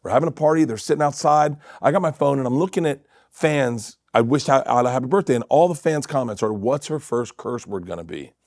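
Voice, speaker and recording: Animated middle-aged man telling stories. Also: medium pitch, a little fast, hardly any pauses, no echo, clean studio sound. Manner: animated, laughing, trails into quiet mutters. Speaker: comedian guest. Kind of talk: casual storytelling chat. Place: podcast studio.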